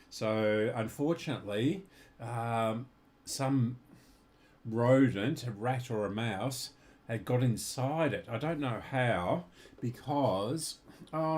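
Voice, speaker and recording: Slow, rambling man. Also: medium pitch, a little hiss or hum. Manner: unhurried, rambling, with many fillers and asides. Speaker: vintage radio collector. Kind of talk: casual show-and-tell vlog.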